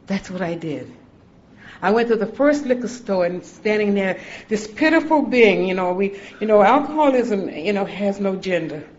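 A woman sharing her personal recovery story in a halting, heartfelt way, often restarting sentences and laughing softly. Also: lowish voice. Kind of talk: personal testimony talk. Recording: dull lo-fi recording with faint hiss.

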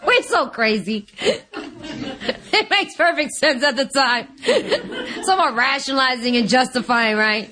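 A woman's voice: high voice, sing-song, measured pace, bright, forceful tone, a little hiss or hum. A woman sharing her recovery story before an audience, candid and wry, often laughing at herself. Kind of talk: personal testimony before an audience.

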